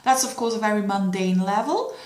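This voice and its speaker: A middle-aged woman talks through a year's horoscope as an astrologer, earnest and encouraging as she addresses viewers directly. Her voice sits at an ordinary middle pitch for a woman. The room around her rings with a noticeable echo. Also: lively intonation, fairly quick, darkish tone. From Belgium. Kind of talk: yearly horoscope talk to camera. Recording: roomy echo.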